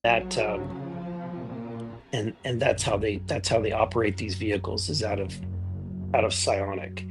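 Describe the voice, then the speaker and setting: Halting man in an interview clip. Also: lowish voice, steady tone, over music. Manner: halting, lots of restarts and fillers. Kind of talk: casual interview recounting.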